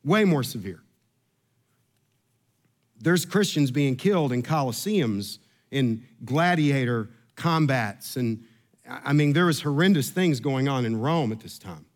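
A man's voice: mid-range voice, animated, measured pace. A middle-aged man, preaching a sermon and telling a humorous personal story, earnest and given to repeating words. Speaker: pastor.

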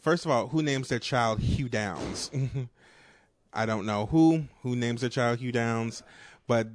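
A man co-hosting a podcast rambles through stories in casual chat, swearing often and packing in fillers. He speaks slowly in a medium pitch, and the recording is dry with clean studio sound.

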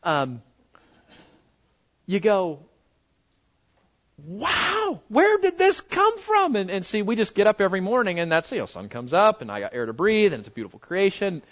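A man delivers a sermon in a rather high voice, hammering points home by repeating words and throwing questions at his listeners. The recording sounds a little dull and lo-fi. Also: expressive, a little fast. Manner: emphatic, repeats words for stress, asks the audience questions. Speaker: pastor.

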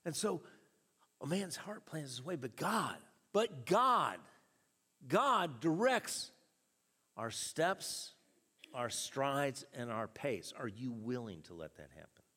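A man preaching a sermon, telling a story with chuckles and an animated delivery. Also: medium pitch, a little slow, breathy edge. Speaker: pastor. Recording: reverberant hall.

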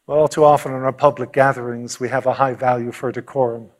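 A man's voice: medium pitch, steady tone, a little fast. A male pastor delivering a sermon, telling a story with animation and acting out the quotes.

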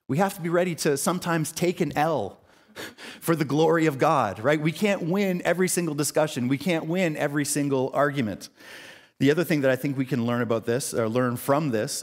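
A man preaching a sermon as pastor of a church, repeating phrases for emphasis and mixing in casual slang and short laughs. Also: brisk. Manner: preaching with emphatic repetition and rising pitch for emphasis.

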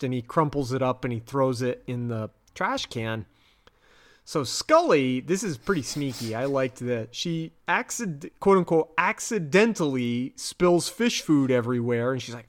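A man, a podcast host casually retelling a TV episode, chatty with quick acted-out quotes. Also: medium pitch, lively intonation.

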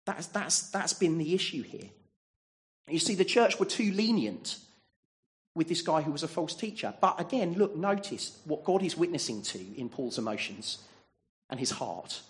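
A man's voice: a little high, expressive, normal speed. A man preaching a sermon in a church, earnest and asking the congregation many rhetorical questions.

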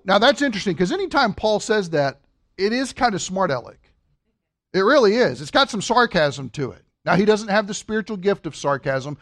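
A man's voice: sits high, a bit bright. A man preaching a sermon, working through a scripture passage with rhetorical questions and humorous asides. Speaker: pastor.

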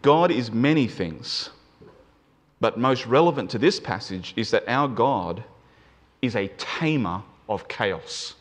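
A male preacher giving a sermon to a church in an emphatic, animated manner, slowing down and speeding up to stress points. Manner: animated, emphatic, shifts pace and pitch for emphasis.

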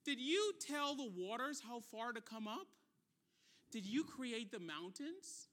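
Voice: animated, fairly bright tone. A preacher voicing God as a majestic male figure questioning a man during a sermon. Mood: commanding. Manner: slow, low, stern questioning.

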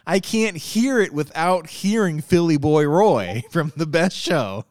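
A man joking his way through a casual podcast conversation about television, animated and playful. His pitch moves around a lot and his voice sounds clear and resonant. The recording is dry and close. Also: measured pace, dry recording. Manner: animated, jokey, slips into silly voices. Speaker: podcast co-host. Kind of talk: casual TV discussion.

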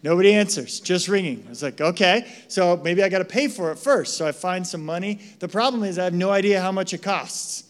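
High-voiced animated American preacher. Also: male voice, fairly quick, hardly any pauses. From United States. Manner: animated storytelling, frequent "right?" asides. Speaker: pastor. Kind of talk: sermon with personal story.

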